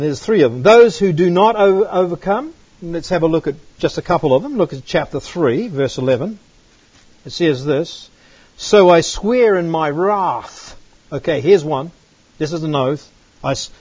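Husky man teaching from scripture. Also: on the high side, darkish tone. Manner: emphatic, rhetorical questions, reads verses aloud. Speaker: preacher. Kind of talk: Bible teaching. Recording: dull dry lo-fi recording.

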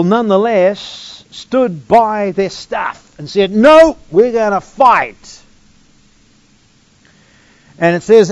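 A man's voice: sits high, darkish tone, no echo. A man teaching through a Bible passage verse by verse, reading scripture aloud and then breaking in with emphatic, casual asides to his listeners. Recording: dull lo-fi dry recording.

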